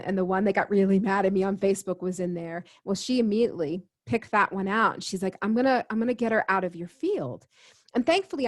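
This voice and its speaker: Woman, interview guest, earnest, conversational storytelling, mid-range pitch. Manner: earnest, quotes herself and others in dialogue. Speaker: guest healer.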